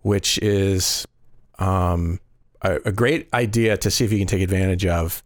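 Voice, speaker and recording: A man hosting a casual podcast chat, halting and full of fillers. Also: sits low, steady tone, no echo, studio quality. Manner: hesitant, many fillers and restarts. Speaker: podcast host.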